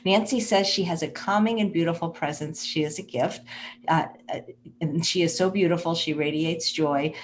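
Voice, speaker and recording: A woman's voice: sits low, normal speed, slight background noise. A woman hosting a casual interview, chatty and rambling as she reads out viewer comments. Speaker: host.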